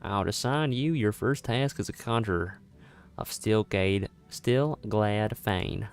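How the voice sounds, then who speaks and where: Man putting on a solemn guildmaster, put-on Southern drawl, low voice, formal and measured, faint game music. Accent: put-on general Southern US. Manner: formal, archaic, measured delivery. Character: solemn male guildmaster of healing mages. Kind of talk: reading game dialogue aloud.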